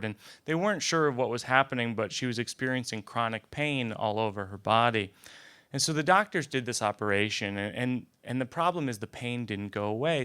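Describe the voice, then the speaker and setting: A man's voice: mid-range voice, pushed and bright, smooth. A young man telling a comic personal story in a conversational, self-deprecating way, often stumbling over repeated words. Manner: conversational, self-deprecating, frequent stammered restarts. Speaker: comedian.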